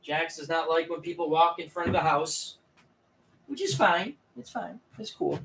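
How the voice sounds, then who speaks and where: A man's voice: on the high side, moderate pace, vocal fry, fairly bright tone, husky. A man casually thinking aloud as he plays a tabletop dice game, often muttering and correcting himself. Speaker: tabletop game player and channel host.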